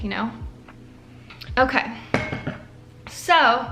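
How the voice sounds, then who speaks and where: A woman's voice: medium pitch, moderate pace, vocal fry, pauses often, pushed and bright, soft background music. A young woman, a nursing student, tells a story in a casual vlog, chatty and heavy on fillers, her voice cracking with emotion.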